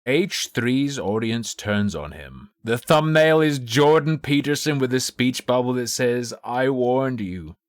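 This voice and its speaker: Lively, profane male streamer. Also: mid-range voice, unhurried, few pauses, no echo, studio quality. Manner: rambling, profane, thinks aloud. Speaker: livestreamer. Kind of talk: casual live-stream chat.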